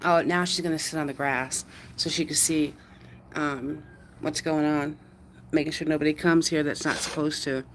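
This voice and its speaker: A woman chatting casually on a live stream from her yard at night, talking to viewers and cooing at her dog in a high sing-song voice on a phone mic. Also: steady tone, normal speed, a little hiss or hum.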